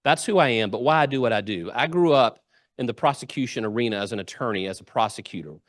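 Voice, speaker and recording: Man, middle-aged, storytelling speech, animated, dry close sound. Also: medium pitch, quick pace, dry recording. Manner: lively anecdotal storyteller, acts out quotes. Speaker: guest speaker. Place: club meeting room.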